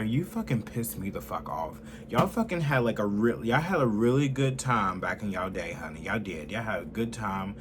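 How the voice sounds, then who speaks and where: Delivering a profane, heated political rant, a twenty-something man swings between shouting and mumbling under his breath. The background is noisy.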